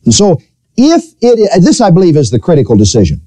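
A male pastor preaching a sermon in church, telling a personal story with lively, animated delivery. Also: brisk, dry recording. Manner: storytelling preacher, animated, rising to high pitch when quoting.

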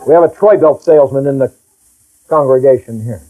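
A man's voice: mid-range voice, brisk, dark tone, low-quality recording. A middle-aged male pastor preaching a folksy, emphatic sermon and reading scripture aloud.

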